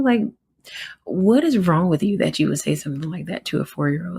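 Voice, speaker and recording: A woman's voice: low-pitched, expressive, fairly quick, creaky, dark tone, slightly rough. A young woman with a Southern American accent telling a story in a casual, indignant podcast monologue, full of fillers. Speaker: podcast host.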